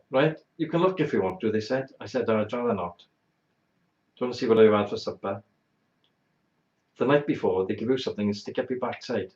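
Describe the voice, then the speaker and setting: A man's voice: medium pitch, darkish tone. A man hosting a talk show, telling a blunt, exaggerated, bawdy comic anecdote. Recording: roomy, dull lo-fi sound.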